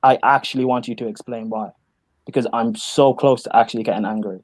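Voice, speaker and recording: A man runs a heated online panel in a stern, demanding voice that stays measured. His pitch sits in an ordinary middle range. The sound is dry and close, with no room around it. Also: steady tone, darkish tone, no echo. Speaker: livestream panel host. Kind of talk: confrontational live stream panel.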